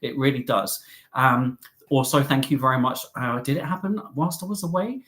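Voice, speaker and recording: A man's voice: medium pitch, normal speed, a bit bright. A man hosting a travel live stream, chatty and upbeat, with cheeky jokes and asides.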